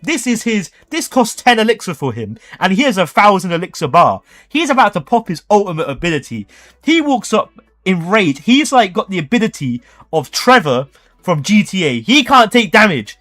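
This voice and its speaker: A young man, telling a story on a livestream in a jokey, animated way. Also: sits high, normal speed. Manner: animated, jokey, acts out voices. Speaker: livestream host.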